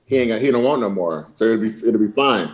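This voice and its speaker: A man telling a story in a casual, slangy, excitable way, often laughing. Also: on the low side, quick pace, dull audio. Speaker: guest bodybuilder.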